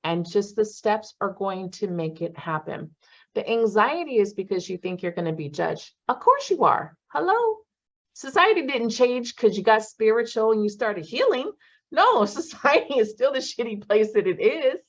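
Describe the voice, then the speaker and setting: A woman facilitating a self-help class in casual talk, blunt and profane, with animated bursts. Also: mid-range voice, normal speed, muffled recording.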